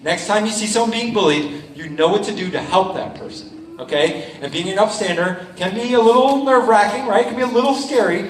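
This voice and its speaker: A middle-aged man with a high voice performs a school assembly show in a school hall, talking a little fast to the young audience. He's upbeat, quizzes the kids and acts out quoted lines. The recording picks him up from far off in an echoey hall, with a little hiss or hum.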